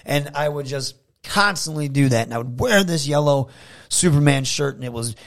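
His voice runs on the high side at a moderate pace. A professional wrestler hailing from Saginaw, Michigan, he eagerly spins stories as an interview guest in a casual setting, animated throughout.

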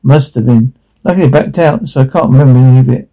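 A man reading a zombie game's captions and dialogue aloud, naming the sound cues in a flat, matter-of-fact way. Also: medium pitch, fast, rough recording.

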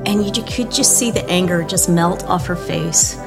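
A woman's voice: fairly low pitch, moderate pace, vocal fry, loud music behind the voice. Woman pastor telling personal stories. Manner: candid, self-deprecating storytelling with small restarts. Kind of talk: devotional talk with personal stories.

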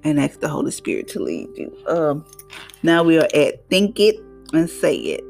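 A middle-aged woman hosting her own podcast, giving an emphatic, faith-based motivational talk with animated, preachy delivery. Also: sits low, normal speed, vocal fry, faint music behind. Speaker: podcast host.

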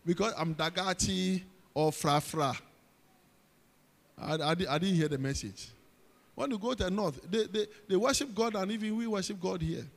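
A high-voiced man with a Ghanaian accent preaches with emphatic, repeated phrases and calls out to his congregation. His voice carries a long reverb from a big hall. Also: moderate pace, vocal fry. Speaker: pastor. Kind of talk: sermon.

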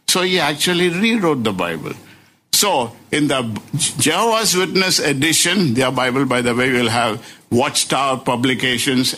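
A man preaching a sermon, stressing key phrases slowly and repeating them, often tagging on "isn't it?". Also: a little high, pushed and bright. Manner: slow, deliberate emphasis with rising and falling stresses; repeats key phrases and adds tag questions.

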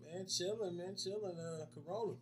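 A man co-hosting a podcast, blunt and profane, quick to laugh. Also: high-pitched, recorded from a distance. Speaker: podcast co-host. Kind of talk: casual chat.

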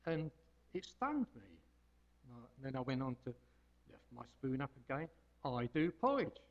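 Rambling man, lively homely sermon. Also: medium pitch, moderate pace, gravelly, lo-fi sound. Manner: homely, rambling, hesitant with many ums. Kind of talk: informal devotional talk.

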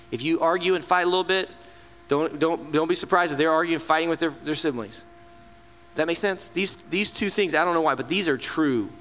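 A middle-aged man preaches with a storyteller's animation, voicing the people in his stories. His voice sits a bit high for a man. A long reverb trails his words through the hall, over a faint hum. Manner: storytelling, animated, acts out quotes. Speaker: camp ministry director and speaker. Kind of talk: sermon.

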